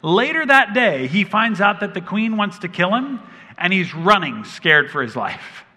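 A man's voice: high voice, sing-song, a little slow, bright, forceful tone. A man in his thirties preaching a sermon as a pastor, telling stories with humor and animation. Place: large church hall. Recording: long reverb of a big hall.

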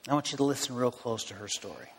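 A man's voice: medium pitch, expressive, fast talker, gravelly, big-room sound, a little hiss or hum. A man preaching a sermon as pastor, in an earnest, repetitive preaching manner.

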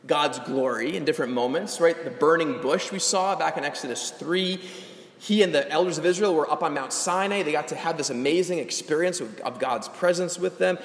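A young adult man preaching a sermon as a pastor, animated and rising to emphatic calls. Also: on the high side. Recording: echoey hall.

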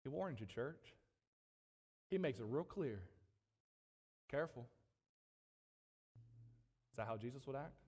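A man preaching a sermon to his congregation, animated, with frequent asides to the room. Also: mid-range voice, a little slow, pauses often, breathy edge, long reverb tail. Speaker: pastor. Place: church sanctuary.

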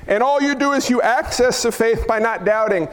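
High-voiced pastor in a reverberant hall. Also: male voice, normal speed. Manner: conversational, rhetorical questions, jokes with the congregation. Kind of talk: sermon. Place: church sanctuary.

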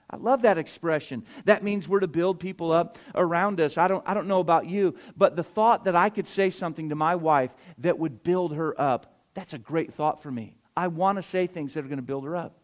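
A middle-aged man, a pastor preaching a sermon, swinging between loud emphatic surges and quiet asides. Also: a little high, normal speed.

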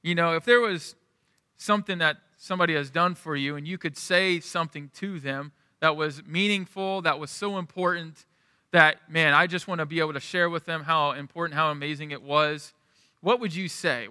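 A man's voice: on the high side, pushed and bright, clean tone, no room sound, studio quality, big-room sound. A male pastor preaching a sermon in a conversational, storytelling way, often restarting his sentences.

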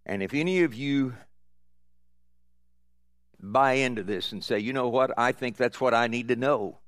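A man, a pastor, ending a sermon with calm, measured exhortation to the congregation. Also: mid-range voice, no echo, studio quality.

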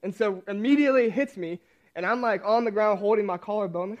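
A man's voice: high voice, fast talker, darkish tone. A young man giving a casual sermon, telling a personal story in a chatty, self-deprecating way with many restarts. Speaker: youth pastor. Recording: dull lo-fi recording.

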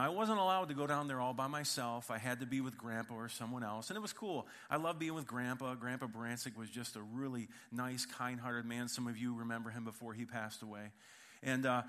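A male pastor delivers a sermon in church, his voice bright and forward at an ordinary pitch. He talks in a loose, humorous, conversational way and speaks straight to his congregation. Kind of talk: sermon with storytelling.

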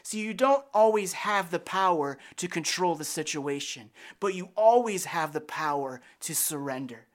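A man's voice: a little high, lively intonation, normal speed, few pauses. A man preaching a sermon as a pastor, telling a personal story in an earnest way and acting out his own prayers.

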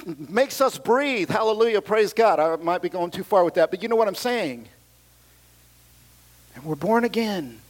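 High-voiced animated male preacher. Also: moderate pace, long pauses. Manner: animated preaching, swings from loud to quiet asides; casual slang, exclaims hallelujah. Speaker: pastor. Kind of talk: sermon.

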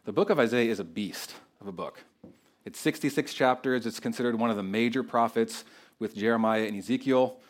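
A man's voice: mid-range voice, brisk. Conversational pastor, a man preaching. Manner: unscripted, conversational, many fillers and restarts. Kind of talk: sermon.

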